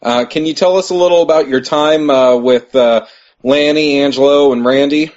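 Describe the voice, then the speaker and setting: A podcast co-host asking a guest a polite, formal question, pausing on fillers. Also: male voice, fairly high pitch, darkish tone. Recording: dull lo-fi audio.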